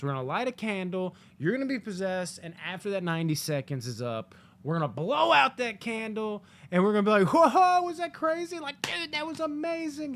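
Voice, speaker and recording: Animated, foul-mouthed male movie reviewer. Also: high-pitched. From United States. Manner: animated, profane, jokey asides with acted-out quotes. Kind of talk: casual spoken movie review.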